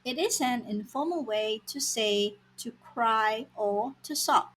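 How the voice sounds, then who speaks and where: A woman teaching vocabulary in a scripted lesson, saying words slowly and repeating them for learners. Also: fairly high pitch, a bit bright, slight background noise, poor audio. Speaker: language teacher.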